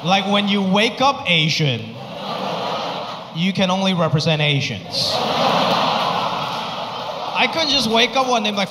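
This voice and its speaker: A man performing a stand-up comedy set, telling stories and acting out his bits with animated delivery. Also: high voice, measured pace, pauses often, heavy background noise. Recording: live stage recording in a reverberant hall.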